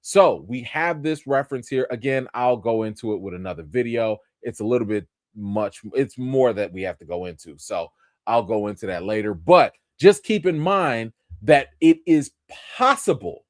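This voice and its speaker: An animated man reviewing a TV episode live, his voice leaping up and down as he explains. He talks casually, with slang and plenty of fillers. The sound is dry and close, with no room around it. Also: medium pitch, normal speed, dry recording. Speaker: show reviewer. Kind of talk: livestream review commentary.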